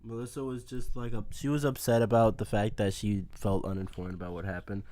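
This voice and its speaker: A man's voice: fairly low pitch, flat delivery, brisk, dark tone, no room sound. A man co-hosting a podcast, telling a story in casual chat and swearing often. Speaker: podcast co-host.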